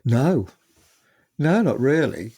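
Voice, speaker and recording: A man's voice: mid-range voice, sing-song, slow pace, mellow, breathy edge. An English man in his seventies, a guest musician telling chatty, rambling stories with lots of fillers. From England. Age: 70s. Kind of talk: casual anecdotal storytelling.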